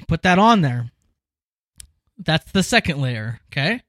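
A man's voice: a little high, sing-song, takes it slowly, fairly bright tone, no echo. A podcast host in easygoing conversation, his voice rising and falling with a lot of animation. He talks with emphatic conviction, leaning hard into his points. The sound is dry and close. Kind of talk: casual chat.

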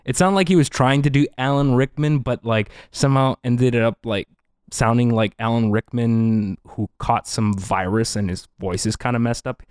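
A man's voice: medium pitch, moderate pace, darkish tone, clean tone, dry recording, clean studio sound. A man co-hosting a podcast in casual chat, skeptical and wry, full of questions. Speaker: podcast co-host.

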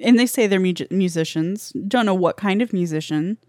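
Podcast cohost lady, kinda halting and wry, super dry close sound. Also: mid-range voice, warm tone, dry recording. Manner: hesitant, restarts a lot, wry. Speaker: podcast co-host. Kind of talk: casual chat.

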